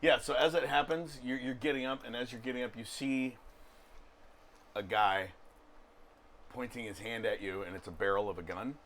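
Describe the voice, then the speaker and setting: A man's voice: mid-range voice, moderate pace, long pauses, fairly bright tone, slight background noise. Man running a tabletop game. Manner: loose, filler-heavy scene narration. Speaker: game master.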